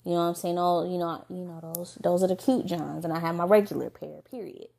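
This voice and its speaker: A young woman hosting a podcast, telling a dating story in a candid, profane, casual way with quick asides. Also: lowish voice, steady tone, creaky, dark tone. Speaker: podcast host.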